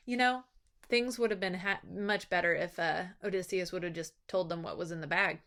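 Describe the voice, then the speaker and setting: A woman teacher recapping a story in a casual, animated way, acting out the characters in quick asides. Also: on the low side.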